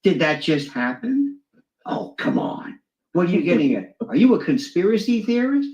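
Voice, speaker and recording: A man's voice: wildly swooping pitch, moderate pace, darkish tone. A man telling stories as a guest, often breaking into mimicking voices. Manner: swings into high mimicking voices. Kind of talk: animated storytelling with impressions. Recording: echoey, dull lo-fi sound.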